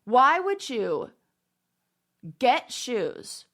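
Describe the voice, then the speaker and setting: Bright, high-pitched excitable woman. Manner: excitable, breaks into screams and laughter, talks fast with restarts. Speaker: podcast co-host. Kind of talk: casual podcast chat. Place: home basement studio.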